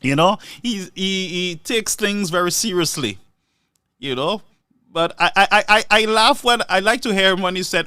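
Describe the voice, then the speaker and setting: A man's voice: sits high, moderate pace, clear, resonant tone, no room sound, clean studio sound. A man giving live political commentary, laughing often and repeating words for emphasis. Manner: animated, laughs often between phrases.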